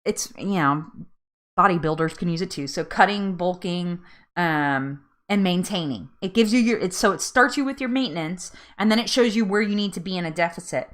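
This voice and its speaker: A woman's voice: fairly low pitch, animated, normal speed. A woman in her thirties hosting a casual live chat, chatty, laughing often and tripping over words. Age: 30s. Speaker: host.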